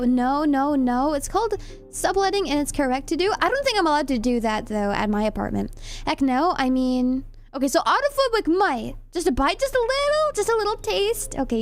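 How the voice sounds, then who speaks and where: A woman's voice: high voice, sing-song, a little fast. A young woman streamer chatting casually with viewers, reading chat aloud and giggling often while she does her nails.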